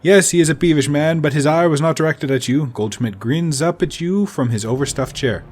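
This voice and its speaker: A man voicing a huge, jovial man with a grand, slow and theatrical way of talking. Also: fairly high pitch, darkish tone, soft background music, close to an everyday voice. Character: huge jovial man, booming, amused by insults.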